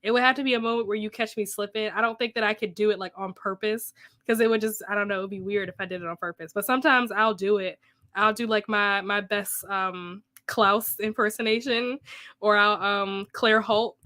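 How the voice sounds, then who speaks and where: A woman hosting a live reading session, chatting easily with her audience between timers. She laughs often and pokes fun at herself. Her pitch sits right in the middle for a woman. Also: steady tone, a little fast, pushed and bright. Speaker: booktube host reading chat comments. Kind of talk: casual live-stream chat.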